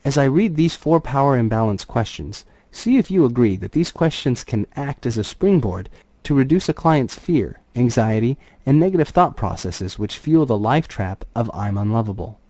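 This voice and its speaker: A man, a therapist and trainer, giving scripted instructional narration in a measured, explanatory reading voice. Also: medium pitch, animated, dark tone, no echo, highs cut off.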